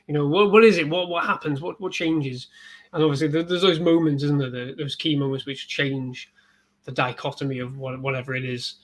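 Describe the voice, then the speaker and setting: A man talking over a film as a podcast guest, animated and swearing freely. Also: on the high side, fairly quick, poor audio. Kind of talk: casual film discussion.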